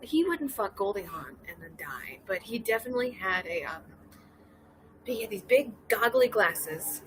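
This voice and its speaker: A woman's voice: mid-range voice, a little hiss or hum. A woman in her thirties hosting a casual drinking livestream, rambling through stories, laughing and reading chat messages. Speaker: livestream host.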